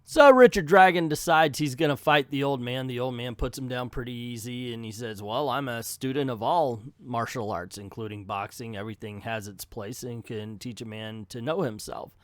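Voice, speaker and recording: A man hosting a casual comic book reading, animated and joking, with frequent laughter and incredulous asides. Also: medium pitch, normal speed, few pauses, no room sound. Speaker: comic book video host.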